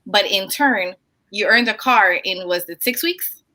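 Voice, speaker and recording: A woman's voice: medium pitch, animated, moderate pace, low-quality recording. A woman interviewer asking encouraging questions, moved and a little teary herself. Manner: warm, encouraging, a bit teary. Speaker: interviewer, host.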